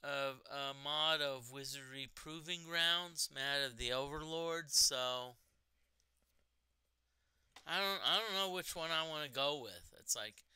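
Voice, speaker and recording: A man streamer chatting casually while gaming, rambling and halting, often repeating his words. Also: fairly high pitch, pushed and bright, clear, resonant tone, no echo.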